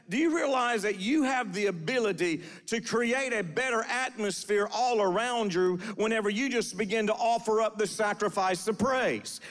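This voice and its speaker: A high-pitched man preaching in a church sanctuary, his voice trailing off into a long hall reverb. He repeats his phrases, sprinkles in "uh", and calls on the congregation to answer back. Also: fairly bright tone. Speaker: pastor. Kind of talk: sermon with prophetic declarations.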